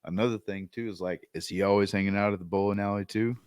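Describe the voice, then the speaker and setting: Deep voiced podcast dude, chill and easygoing, dry close sound. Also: male voice, steady tone, quick pace, a little mellow, clear, resonant tone, dry recording. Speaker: podcast co-host. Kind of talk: casual chat.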